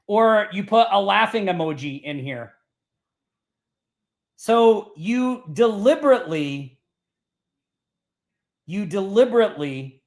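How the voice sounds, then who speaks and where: A man hosting a live online show, chatting casually as he walks through example text messages and talks to viewers by name. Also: a little high. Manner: chatty, reads example texts aloud, talks to chat by name. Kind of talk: casual screen-share teaching.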